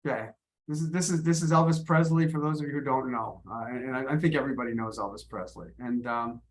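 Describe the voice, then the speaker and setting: A man's voice: medium pitch, quick pace. A man teaching English in an online video class, encouraging and often repeating his words as he coaches students. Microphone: video call.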